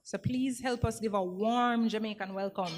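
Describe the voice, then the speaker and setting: A woman emcee introduces a conference speaker, reading his bio in a formal, measured way. Her voice sits at an ordinary middle pitch. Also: steady tone, background noise. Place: hotel conference room.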